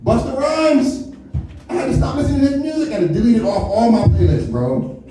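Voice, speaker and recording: A man's voice: high voice, sing-song, very fast, music in the background. A man doing a live stand-up comedy set, talking loose and slangy with plenty of swearing and mock impressions. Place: comedy club stage. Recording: echoey venue picked up from a distance.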